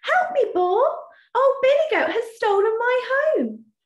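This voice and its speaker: A woman doing a pleading, squeaky little badger. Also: very animated, measured pace, highs cut off, full character voice. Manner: pleading and urgent. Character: polite, desperate male badger. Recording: echoey room.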